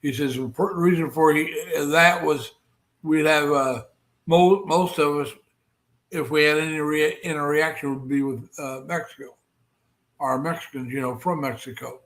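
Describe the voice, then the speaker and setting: An American man hosting a live stream, chatting casually and rambling with many fillers and pauses. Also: a little high, steady tone, a bit bright, poor audio. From United States. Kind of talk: casual chat.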